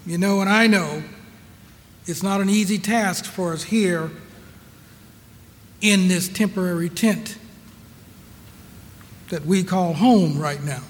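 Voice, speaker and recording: A man preaching a sermon, slow and emphatic, repeating his rhetorical questions to the congregation. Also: high-pitched, slight background noise. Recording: long reverberant hall.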